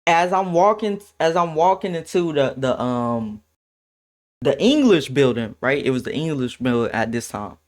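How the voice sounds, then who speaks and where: A young man chats to his stream audience in a loose, unscripted storytime. His pitch swings widely as he gets animated and acts out quotes from people in the story, breaking into laughter along the way. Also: normal speed. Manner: animated, laughs, quotes others in shifting voices. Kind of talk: casual storytime to stream chat.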